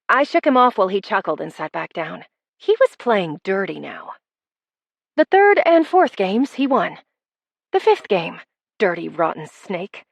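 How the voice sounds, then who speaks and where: A woman narrating a first-person romance audiobook with wry, expressive delivery. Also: mid-range voice, unhurried, gravelly, no echo.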